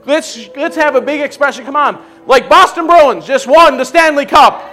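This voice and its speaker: Male pastor with a very high voice, exhorting a church congregation, faint music behind. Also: normal speed, bright, forceful tone. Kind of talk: sermon and altar call. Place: church service.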